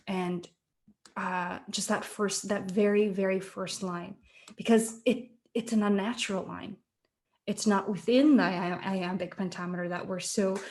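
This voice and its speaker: Young woman, actor, video call, halting, many fillers, casual chat. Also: medium pitch, a little mellow. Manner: thoughtful, halting with many ums and restarts. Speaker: guest actor.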